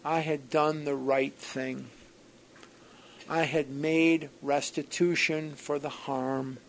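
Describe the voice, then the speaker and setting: A man with a gravelly, slightly high voice tells a personal story to a recovery group. He is animated and wry, jumping from loud outbursts to hushed asides. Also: slow, a little hiss or hum, low-quality recording. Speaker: speaker sharing at a recovery program gathering.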